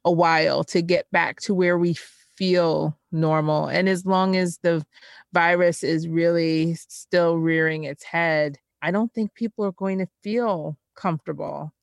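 A woman co-hosting a casual chat, chatty and animated, her voice jumping up when she stresses a point. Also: unhurried, creaky, dry recording, studio quality. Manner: animated, chatty, jumps in pitch when emphatic.

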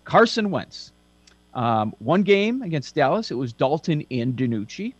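Brief: male betting-show host, a bit high-pitched, sarcastic, dry booth with faint hum. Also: sing-song, dry recording, muffled recording. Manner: sarcastic, lists facts quickly. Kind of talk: casual sports betting chat.

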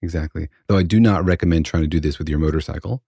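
A man's voice: extremely low pitch, quick pace, gravelly, mellow, no room sound, clean studio sound. A man co-hosting a casual science chat, explaining things patiently and often checking in with "right?". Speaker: podcast co-host explaining physics.

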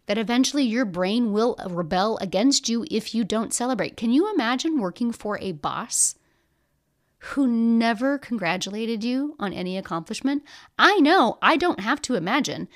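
A woman's voice: fairly high pitch, expressive, moderate pace. A woman hosting a coaching podcast, talking straight to listeners in an upbeat, emphatic motivational way. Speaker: podcast host and business coach.

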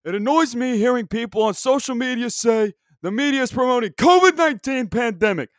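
A man putting on the voice of an excitable older male basketball commentator who shouts his catchphrases with over-the-top enthusiasm. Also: very high voice, fairly quick, no room sound, studio quality, pitched above the performer's own voice. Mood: hyped, exclaiming. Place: at home, dog nearby.

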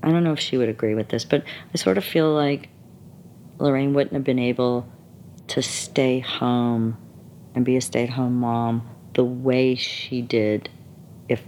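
Woman guest, lively candid storyteller who mimics others and laughs easily. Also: extremely low pitch, a little slow, slight background noise. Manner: animated, laughs often, acts out quoted people.

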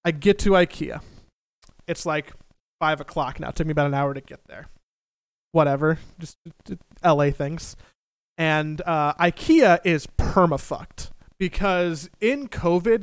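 A young man telling a funny personal story in a casual, animated and profane way, mocking himself. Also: fairly high pitch, moderate pace, dry recording.

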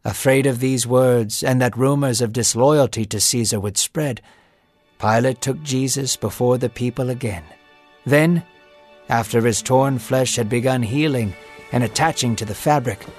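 A man narrating a dramatized scripture story in a solemn, intense manner, building emphasis. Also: mid-range voice. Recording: music bed behind voice.

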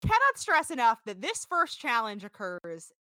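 A woman co-hosting a podcast, telling stories in a casual, animated way with lots of laughing. Her voice is bright and a little high, and her pitch swoops widely. The recording is close and dry. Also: normal speed, no room sound. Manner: animated, laughing, swearing storyteller. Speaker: podcast co-host. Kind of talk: casual chat recapping a reality show. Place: apartment home.

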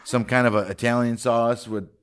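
A man's voice: medium pitch, level tone, moderate pace, smooth. A man co-hosting a podcast, reading a story aloud and bickering in a dry, stubborn way. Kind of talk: casual chat and reading aloud.

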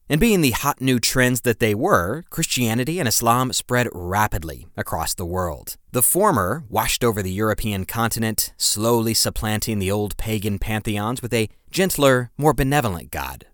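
A podcast host with a fairly low, slightly bright voice reads scripted history narration, telling it dramatically and emphatically with playful asides. The recording is dry with clean studio sound.

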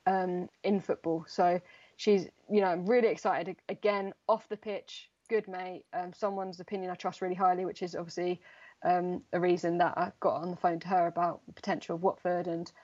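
A woman's voice: on the low side, flat delivery, normal speed, a little mellow, highs cut off. A young woman, a footballer, chatting casually in an interview, rambling with lots of fillers. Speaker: footballer guest.

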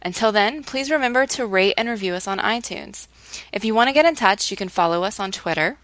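A woman hosting a podcast in casual chat, measured and wry. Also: mid-range voice, expressive, a bit bright. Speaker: podcast host.

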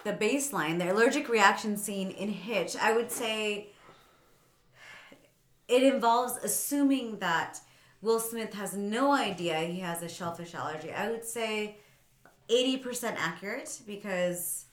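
A woman doctor co-hosting a podcast, explaining in a measured, affirming way during casual chat. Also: medium pitch, reverberant.

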